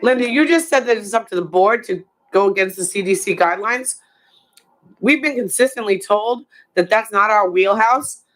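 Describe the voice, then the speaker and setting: A woman board member adding a firm, deliberate point in a meeting. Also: mid-range voice, fairly bright tone, poor audio. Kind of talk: meeting discussion.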